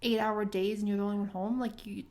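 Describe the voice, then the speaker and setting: A woman's voice: mid-range voice, fast talker. Young woman chatting casually on a podcast. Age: young adult. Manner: animated storyteller, swears casually. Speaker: podcast co-host. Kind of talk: casual chat.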